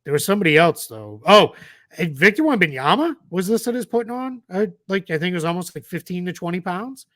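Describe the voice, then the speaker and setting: Guy in his 40s rambling about hoops, bright voice, dry close sound. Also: high voice, sing-song, fairly quick, dry recording. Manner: chatty, rambling, jokey. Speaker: podcast co-host. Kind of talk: casual sports chat.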